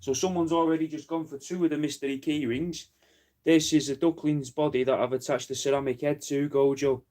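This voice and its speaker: A man's voice: on the high side, steady tone, brisk, a little mellow. Swearing, joking man. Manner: rambling, joking, swears a lot. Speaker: craft seller and livestreamer. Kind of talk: casual livestream chat.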